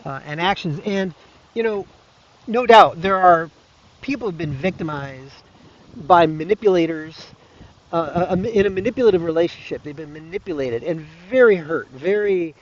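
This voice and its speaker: A man giving an earnest, reflective monologue to camera, speaking haltingly with many restarts and fillers and an occasional soft laugh. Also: on the high side, expressive, dull audio. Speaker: video blogger.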